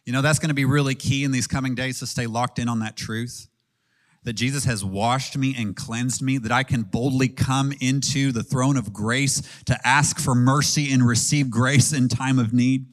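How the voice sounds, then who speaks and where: A man's voice: medium pitch, steady tone, normal speed. Earnest, conversational male preacher. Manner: earnest, conversational preaching with ums and audience questions. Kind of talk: sermon.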